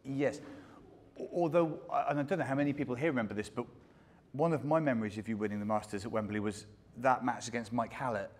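A man's voice: mid-range voice, steady tone, quick pace. A male comedian hosting a live podcast, asking questions and teasing his guest with dry jokes. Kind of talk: live podcast chat on stage. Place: large arena in front of an audience. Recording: live arena with long reverb and faint crowd noise.

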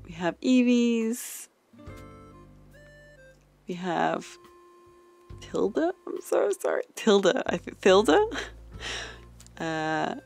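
A woman's voice: fairly high pitch, gravelly, a little mellow. A young woman hosting a gaming channel, chatting casually over her gameplay in a bubbly, gushing way with frequent giggles.

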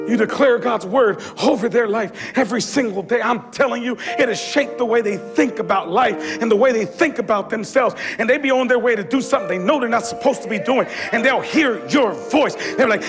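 High-voiced preaching pastor, fervent. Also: male voice, normal speed, few pauses, over music. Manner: impassioned preaching, shouting at peaks. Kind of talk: sermon. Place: church sanctuary.

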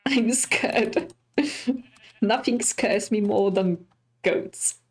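Slow-talking woman narrating her gameplay. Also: mid-range voice, breathy edge. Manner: chatty, easily startled, talks to animals and villagers. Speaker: streamer. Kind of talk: casual gameplay commentary.

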